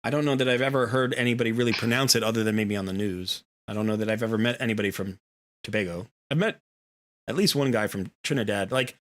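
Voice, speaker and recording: Talking quickly in a fairly low voice, this middle-aged American streamer chats casually while gaming. His hosting rambles, full of fillers and false starts.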